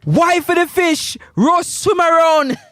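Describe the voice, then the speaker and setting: A man's voice: extremely high pitch, takes it slowly, bright, forceful tone, dry recording, clean studio sound. A man with a Jamaican accent hosting a live sports talk stream, teasing viewers playfully and laughing often.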